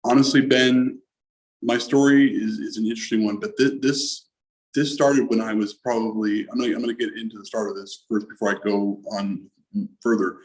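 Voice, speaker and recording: Halting man sharing a personal story. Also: fairly low pitch, steady tone, rough recording. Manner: halting, restarts words, emotional. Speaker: guest on a stream panel.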